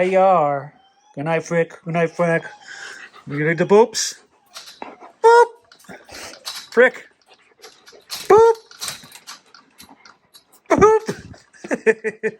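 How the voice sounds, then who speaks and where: Brief: male shelter volunteer, casual and tender, laughs easily, a bit higher than most men. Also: a little hiss or hum. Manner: affectionate, rambling, laughs often, soft night-night goodbyes. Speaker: animal rescue volunteer. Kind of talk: casual bedtime vlog to shelter dogs. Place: animal shelter kennel at night.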